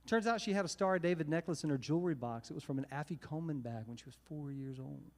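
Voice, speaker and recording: A man's voice: on the high side, fast. Chatty man in a reverberant hall. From Texas. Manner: chatty, animated, self-mocking humor. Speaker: singer-songwriter. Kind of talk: storytelling between songs at a live service. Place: synagogue sanctuary, live event. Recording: reverberant hall with guitar behind.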